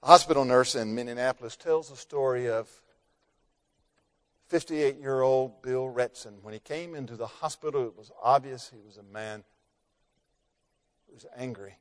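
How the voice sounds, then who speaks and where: A man preaching a sermon through a story, rising to loud emphasis and dropping to hushed tones, slowing down on key words. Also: mid-range voice. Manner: dramatic, swings between loud emphasis and hushed near-whispers, slows for key words.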